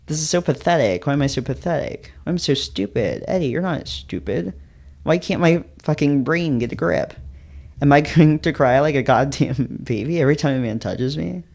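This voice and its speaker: A man's voice: a little high, lively intonation, normal speed, creaky, a little mellow. A man reading as a tearful, self-loathing young man. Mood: upset.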